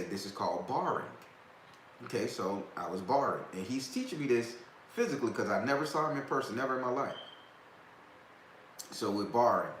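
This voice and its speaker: Low-voiced man telling a loose tale. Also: a bit bright. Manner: loose, profane, laughs often. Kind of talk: casual storytelling. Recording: echoey room, faint background noise.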